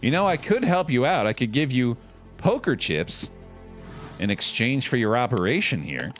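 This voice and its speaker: A man's voice: medium pitch, big pitch swings, moderate pace, faint music behind, close to an everyday voice. A man voicing a sweet but scheming female fairy offering a deal, in a sugary raised voice. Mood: coaxing.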